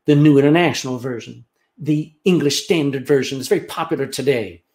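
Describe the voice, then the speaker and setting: A man's voice: a little fast, darkish tone. A man preaching a sermon, reading scripture aloud and pressing his points with emphatic rises in his voice. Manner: emphatic preaching, pitch rising on key phrases, quoting scripture. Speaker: pastor.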